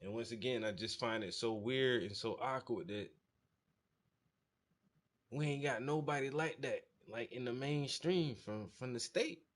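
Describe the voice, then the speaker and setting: A man talks loose and slangy, getting worked up as he hypes an artist in a casual reaction. His voice sits at an ordinary middle pitch, neither deep nor high. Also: a little slow. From South Carolina. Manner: excitable, slangy, hyping up the artist. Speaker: host reacting to music.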